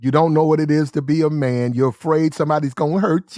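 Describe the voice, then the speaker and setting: A man delivers opinionated commentary in a blunt, slang-heavy way and circles back to repeat his points. His voice sits a little high for a man. The recording is close and dry, with no room sound. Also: brisk, few pauses, a little mellow, dry recording. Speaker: commentary show host.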